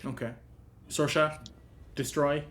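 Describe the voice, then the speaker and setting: Male game master, unhurried and halting, slightly high voice. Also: steady tone, fairly bright tone, a little hiss or hum. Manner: halting, full of ums and restarts. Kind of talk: narrating a tabletop game.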